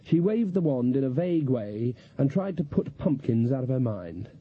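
A man giving a dry, measured scripted audiobook narration on a slightly dull lo-fi recording. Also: mid-range voice, sing-song, husky, no echo.

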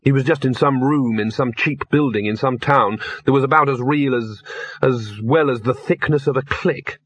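A man narrating a fantasy audiobook in a measured, wry storytelling manner. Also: medium pitch, a bit bright, breathy edge. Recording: dull lo-fi dry studio recording.

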